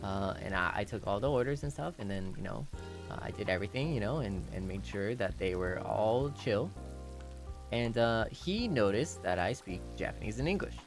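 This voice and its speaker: A man's voice: lowish voice, normal speed, creaky, over music. A young man streaming, telling a rambling story in casual chat with lots of fillers and restarts. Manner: rambling, animated, lots of "you know" fillers and restarts, laughing at his own story.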